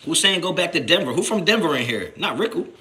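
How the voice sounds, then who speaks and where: Jersey guy doing a live sports stream, real bright sharp voice, cussing, gets worked up. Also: a little high, fast talker. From New Jersey. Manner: animated, swears a lot, rises to shouting when annoyed; slangy and repetitive, restarts often. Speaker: sports channel host reading live chat. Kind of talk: casual livestream chat.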